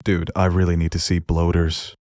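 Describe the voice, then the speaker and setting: A man co-hosting a casual review podcast, excitable and swearing freely, often restarting his sentences. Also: low-pitched, normal speed, dry recording, clean studio sound. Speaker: podcast co-host.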